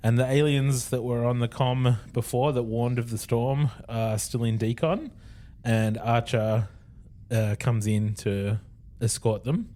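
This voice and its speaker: A man's voice: medium pitch, fairly even intonation, measured pace, mellow. A man with an Australian accent, co-hosting a podcast and recapping an episode in casual chat, laughing often as he retells the scenes. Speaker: podcast co-host.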